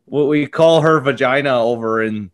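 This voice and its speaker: A man's voice: mid-range voice, normal speed, close to an everyday voice. A man putting on an Irish accent to play a crude, boastful middle-aged Irish lecher in a comedy podcast bit. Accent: put-on Irish. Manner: crude, boastful, mock-grandiose.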